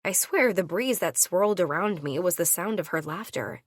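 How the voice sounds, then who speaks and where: A woman reading a first-person audiobook, voicing each character with her own shifts in pitch. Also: animated, moderate pace, no room sound, studio quality. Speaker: audiobook narrator.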